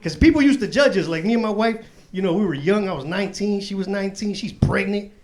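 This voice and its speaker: A man's voice: high voice, animated, quick pace. A man in his forties doing a stand-up comedy set on a club stage, with loose, profane street talk and laughter through his punchlines. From Chicago south side. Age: 40s. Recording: live club set with crowd noise. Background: audience laughter.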